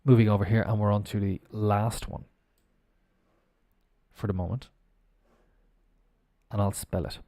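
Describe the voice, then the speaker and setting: A man's voice: fairly low pitch, steady tone, measured pace, long pauses, warm tone, no room sound. A middle-aged Irish man teaching English pronunciation on a live stream, explaining patiently and spelling words out letter by letter. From Ireland.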